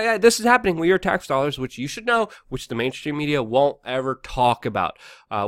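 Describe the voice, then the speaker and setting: A man hosts his own news commentary and rants hotly through it, stumbling over fillers and restarts. His voice sits a little high for a man. It sounds close and dry, with no room around it. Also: fairly bright tone, no room sound. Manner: heated, ranting, many fillers and restarts. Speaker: political commentary host.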